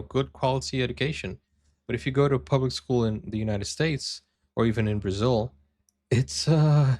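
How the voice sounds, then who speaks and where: A man of middle pitch chats casually in a reaction video, hesitant and full of pauses. His voice sounds dry and close, with no room echo. He laughs easily and restarts often.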